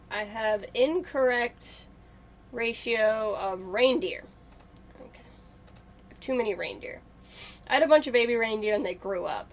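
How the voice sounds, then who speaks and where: A woman's voice: medium pitch, a little hiss or hum. A woman streamer chatting casually and thinking aloud as she plays a game on a live stream.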